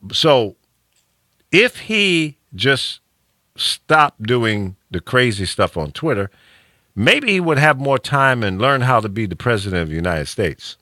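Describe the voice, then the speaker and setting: A man hosts a talk show with a very deep voice that still rings bright and forceful. His pitch swings widely as he talks, and he keeps restarting his thoughts and chuckling. The sound is close and dry, with no room in it. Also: no echo. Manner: opinionated, animated, chuckles often, frequent restarts. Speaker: radio talk show host. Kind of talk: casual talk show banter.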